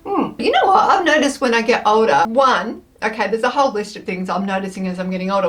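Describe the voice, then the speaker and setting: A woman vlogger chatting her way through a taste test, expressive and playful, thinking aloud as she tries each snack. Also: medium pitch, fairly quick. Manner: playful, with frequent laughs.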